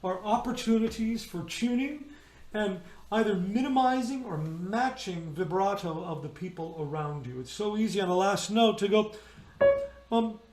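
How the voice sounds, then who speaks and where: A man's voice: high voice, lively intonation, normal speed, darkish tone, reverberant, faint music behind. A man leading an online choir rehearsal, patiently explaining vowels and singing them as he demonstrates. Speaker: choir director.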